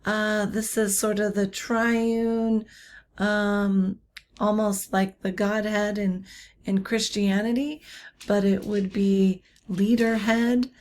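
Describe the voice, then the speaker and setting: Slow, halting woman explaining a play. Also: medium pitch, flat delivery, darkish tone. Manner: halting, many ums and uhs; wry, offhand asides. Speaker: literature teacher. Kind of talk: unscripted lecture.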